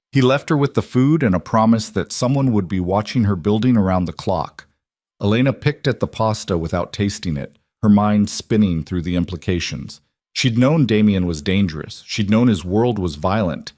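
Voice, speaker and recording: A man giving steady, measured scripted narration of a dramatic story. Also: on the low side, no room sound, studio quality.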